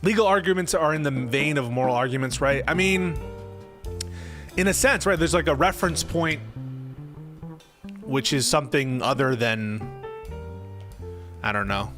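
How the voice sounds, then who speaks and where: A man's voice: medium pitch, measured pace, long pauses, over music. A young man streaming casual political commentary. He thinks aloud, answers his chat, and grows emphatic when he argues.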